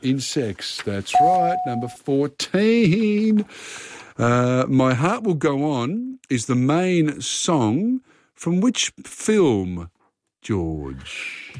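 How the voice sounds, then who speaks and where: A man's voice: a little high, sing-song, extremely slow, darkish tone. Chatty man hosting a radio quiz. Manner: chatty, talks contestants through questions. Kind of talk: casual radio quiz chat.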